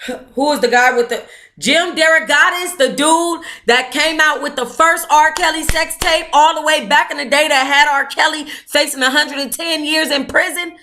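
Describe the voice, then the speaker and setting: A woman hosting an online book club, chatting casually and breaking into dramatic, excitable outbursts while talking to herself. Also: sits high, normal speed. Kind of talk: casual livestream chat.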